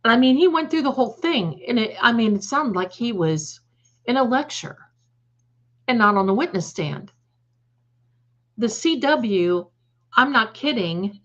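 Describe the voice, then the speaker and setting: Woman rambling on a live stream, slow and emphatic, keeps restarting, muffled lo-fi audio. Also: fairly high pitch. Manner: rambling, emphatic, frequent self-corrections. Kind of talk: casual live-stream commentary.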